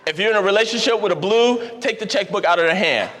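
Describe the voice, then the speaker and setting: Male seminar speaker, high bright voice, energetic and jokey, big hall reverb. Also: fast. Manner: energetic, jokey, repeats for emphasis. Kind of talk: motivational seminar talk. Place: large event hall. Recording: long hall reverb from a live event.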